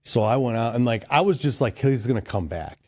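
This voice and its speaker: A man's voice: mid-range voice, animated, brisk, darkish tone, dry recording. A man from Chicago, a podcast guest, telling a long story in a loose, rambling way, full of "like" and "dude". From Chicago, USA. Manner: rambling, heavy use of "like" and "dude". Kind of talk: casual storytelling.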